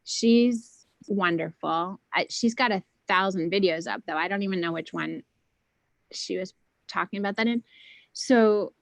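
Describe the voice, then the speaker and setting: A woman's voice: medium pitch, a little slow, gravelly, no echo, rough recording. A woman chatting casually, rambling and interrupting herself with many fillers, keeping her voice down. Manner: speaks softly to keep her voice down. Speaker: guest on a spiritual round table. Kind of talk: casual chat.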